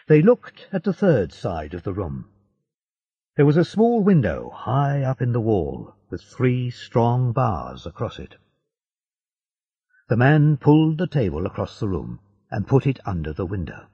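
A man reads a storybook in a measured way, his voice gravelly and husky. His pitch moves a lot from line to line. The recording sounds dull and lo-fi. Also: huge pitch swings. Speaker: narrator. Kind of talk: storybook narration.

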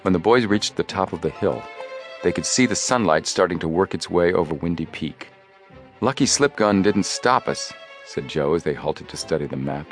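Deep-voiced man narrating a story. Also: a little fast, faint music behind. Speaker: audiobook narrator. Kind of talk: scripted narration.

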